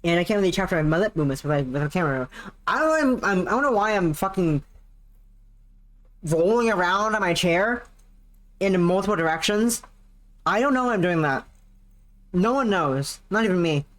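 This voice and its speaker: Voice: medium pitch, expressive, moderate pace, long pauses, fairly bright tone. Rambling, sweary streamer at a laptop. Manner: rambling, sweary, self-mocking. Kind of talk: casual livestream chat while playing. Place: home, seated at a laptop.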